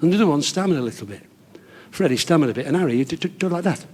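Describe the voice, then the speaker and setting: A man's voice: a little high, animated, very fast, a little mellow. A man telling old-school stand-up jokes in a chatty way, chuckling as he goes. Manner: chatty, chuckles between lines, broad punchlines. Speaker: stand-up comedian. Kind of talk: club stand-up joke telling.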